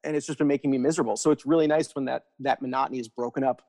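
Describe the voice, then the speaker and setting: A man talking as a podcast guest in a casual chat, animated and rushing in quick bursts with frequent restarts. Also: medium pitch.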